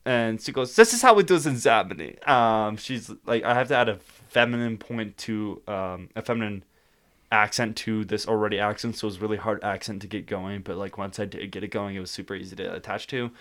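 A man's voice: lowish voice, steady tone, brisk, a bit bright. A young man talking casually on a podcast as a guest, rambling, laughing often and breaking into silly voices.

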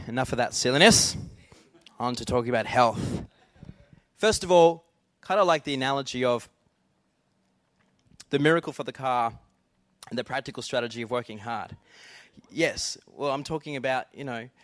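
A middle-aged man delivering a sermon, earnest and conversational, with asides to his congregation. His voice sits at an ordinary pitch for a man. The sound is close and dry, with almost no room echo. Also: fairly quick. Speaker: pastor.

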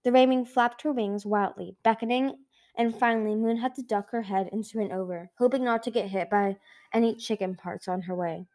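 A woman reading a children's fantasy novel aloud in a measured way, with small slips and restarts. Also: on the high side, fairly even intonation, darkish tone. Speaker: audiobook reader. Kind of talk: storybook read-aloud.

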